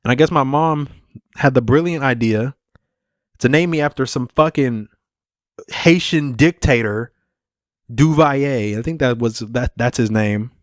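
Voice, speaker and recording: Profane, rambling young podcast host. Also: male voice, mid-range voice, unhurried, long pauses, dry recording, clean studio sound. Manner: profane, rambling, laid-back. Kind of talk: casual solo podcast chat.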